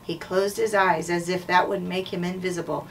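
A woman school administrator reading a children's chapter book aloud in a steady, clear way. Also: on the low side, normal speed. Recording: distant mic, faint noise.

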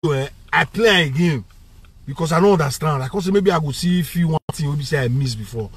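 A man's voice: a little high, expressive, fast, husky, no echo. A man with a Nigerian Pidgin English accent delivering a heated, repetitive political rant, switching between Pidgin and English. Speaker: vlogger.

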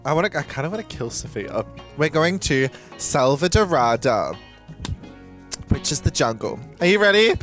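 Drag queen let's-play host, young, chatty and foul-mouthed, pitch swinging all over, game music faint behind. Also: big pitch swings, moderate pace. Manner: chatty, swears freely, gushing exclamations. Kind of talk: casual gameplay commentary.

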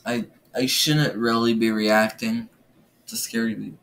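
A nervous, stammering man talks through a reaction video in a casual, repetitive way. His voice is bright and sharp, sitting at a middle pitch. The sound is roomy and echoey, as if he sits a little back from a laptop mic. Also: flat delivery, measured pace, far from the mic. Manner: nervous, stammering, repeats himself. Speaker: gaming YouTuber reacting to videos. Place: room at home. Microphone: laptop or earbuds mic.

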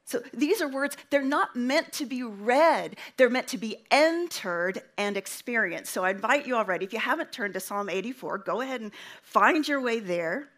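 A woman preaching a sermon with a slow, emphatic delivery and dramatic pauses, inviting the congregation to respond. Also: a little high, animated, a bit bright.

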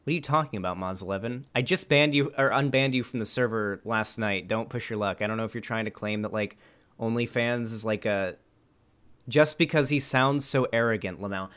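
A man's voice: on the low side, fairly quick, clear, resonant tone. A young man streaming, reading online comments aloud and reacting with casual, sarcastic commentary and frequent swearing. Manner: sarcastic, animated, swears freely.

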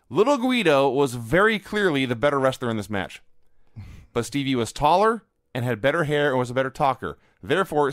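A man's voice: mid-range voice, dry recording. A man co-hosting a podcast, recapping matter-of-factly in a dry tone. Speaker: podcast co-host. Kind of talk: casual chat reviewing old wrestling.

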